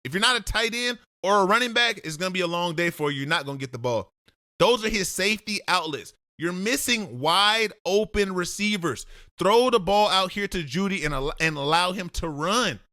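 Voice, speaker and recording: A man's voice: high voice, animated, moderate pace, bright, forceful tone, dry recording, studio quality. Blunt football film breakdown man. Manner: blunt, lecturing, addresses the player directly.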